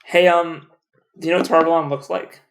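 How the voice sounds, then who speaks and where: A young man talks casually on a podcast, piling up restarts and fillers as he retells a plot. He jokes and swears freely, and his tone stays animated and playful. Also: on the high side, fairly quick, vocal fry. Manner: rambling, animated, joking, swears. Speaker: podcast co-host. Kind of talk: casual chat.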